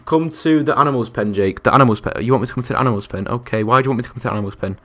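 This streamer rattles off his words rapid-fire in a medium-pitched, slightly bright voice. He's a young man commenting on a live game, counting aloud and reacting to viewers and other players.

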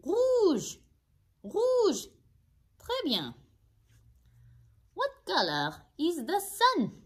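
A woman's voice: extremely high pitch, huge pitch swings, heavily acted. Woman voicing a sing-song furry puppet teacher. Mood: encouraging. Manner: slow, exaggerated, sing-song repeating for kids. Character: cheerful blue-haired furry puppet teacher. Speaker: children's French teacher. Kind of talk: children's puppet lesson.

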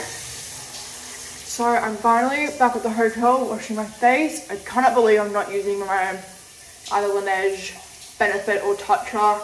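A young woman vlogging into her phone in a chatty, casual way, swearing freely. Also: on the high side. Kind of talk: casual vlog chat. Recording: noisy phone recording.

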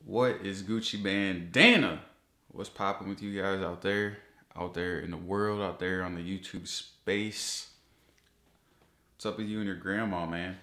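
Male vlogger, low register, foul-mouthed comic ranter, echoey room sound. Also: unhurried. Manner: profane, animated ranting, voice jumping high when exasperated. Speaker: YouTuber. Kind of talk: casual ranting vlog.

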